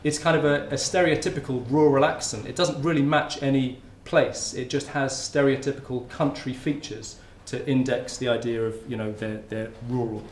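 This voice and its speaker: A man's voice: medium pitch, steady tone, normal speed, few pauses, a little hiss or hum. A man giving a conference talk in a lecture room, in an informal, conversational way. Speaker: academic speaker. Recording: roomy lecture hall with faint ambience.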